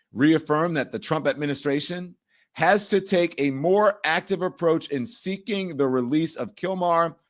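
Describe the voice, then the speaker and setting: A man's voice: mid-range voice, fairly bright tone. A middle-aged man hosting his own show, chatting in a rambling, effusive way before turning to emphatic news commentary. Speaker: show host.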